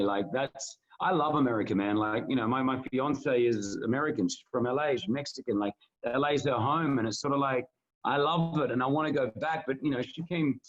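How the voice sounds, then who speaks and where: A man's voice: fairly high pitch, dull audio. A man co-hosting a podcast, talking earnestly in casual conversation and restarting his sentences often. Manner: earnest, rambling with many restarts. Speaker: podcast co-host.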